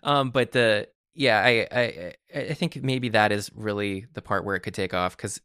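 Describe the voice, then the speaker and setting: Lower-voiced man in relaxed tech chat. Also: moderate pace, clear, resonant tone, no room sound, studio quality. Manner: rambling, hedging with "like" and "I don't know". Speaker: podcast co-host.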